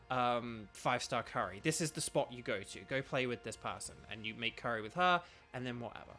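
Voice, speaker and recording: A man's voice: mid-range voice, expressive, fast, hardly any pauses, pushed and bright, faint music behind. A young British man chatting casually while streaming a video game, rambling with lots of ums and restarts. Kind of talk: casual live-stream chat.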